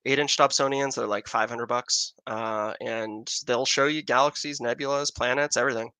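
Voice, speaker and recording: Gravelly, bright-voiced American man chatting. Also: mid-range voice, steady tone, moderate pace, dry recording. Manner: chatty, rambling, answers viewer questions. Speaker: astrophotography livestream host. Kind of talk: casual live-stream chat. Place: outdoors in Arizona with a telescope.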